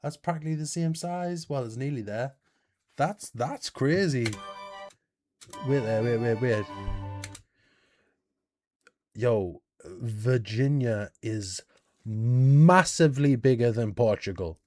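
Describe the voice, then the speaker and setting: A British man hosting a casual reaction video, animated and thinking out loud with questions and exclamations. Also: mid-range voice, slow, faint music behind. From United Kingdom.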